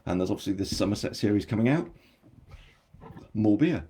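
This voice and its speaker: A man's voice: fairly low pitch, expressive, brisk, mellow, slightly rough. An English man with a general English accent, an author chatting casually on a live stream, rambling and self-deprecating as he answers viewer comments. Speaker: author hosting his book launch.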